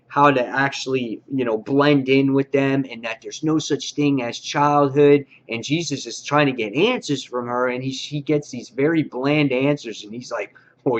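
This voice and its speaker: A man's voice: medium pitch, dull audio. A man hosting a casual comic book review, talking loosely with many filler words.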